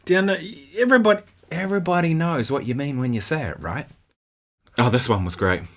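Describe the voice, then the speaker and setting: A man's voice: fairly high pitch, lively intonation, a little fast, fairly bright tone. A man from New Zealand with a New Zealand accent, hosting a guitar channel and chatting casually about viewer comments, often laughing and asking "right?".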